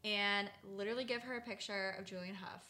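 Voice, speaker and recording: A young woman co-hosting a podcast, telling stories in a chatty, animated way full of "like". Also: mid-range voice, fairly quick. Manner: chatty storyteller, lots of "like", animated. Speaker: podcast co-host. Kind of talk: casual chat.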